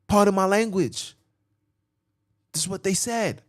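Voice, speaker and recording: Guy preaching hard, high voice, aave, repeats himself in rhythm, ooh-ing out loud. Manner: rhythmic, repetitive preaching with vernacular speech and sudden drawn-out exclamations. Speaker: podcast preacher. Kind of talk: impassioned sermon.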